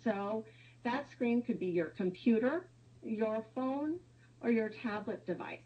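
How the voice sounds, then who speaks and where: Woman, webinar presenter, explanatory, husky, muffled sound. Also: on the high side, takes it slowly. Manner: explanatory, with fillers.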